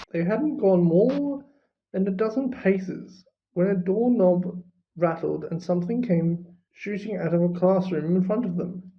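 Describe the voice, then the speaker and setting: A reader narrating a storybook in an unhurried, expressive way. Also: medium pitch. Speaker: audiobook reader. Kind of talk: storybook reading. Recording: dull lo-fi recording.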